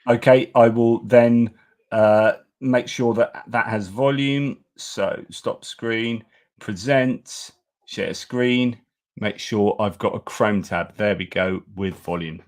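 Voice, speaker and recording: A man hosting an online show, ranting in animated commentary. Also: on the low side, slow pace. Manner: ranting, excitable. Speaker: host.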